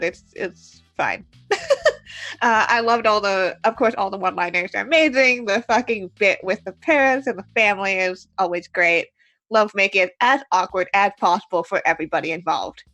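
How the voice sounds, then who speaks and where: A woman, the game master of a tabletop game stream, chatting quickly and laughing, swearing casually. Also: medium pitch, pushed and bright, dry recording, faint music behind. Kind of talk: casual wrap-up chat.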